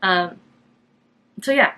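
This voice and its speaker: Chatty young Canadian woman knitter. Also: takes it slowly. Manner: chatty and rambling, many fillers, bright lifts when quoting herself. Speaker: knitting podcast host. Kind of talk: casual chat to camera.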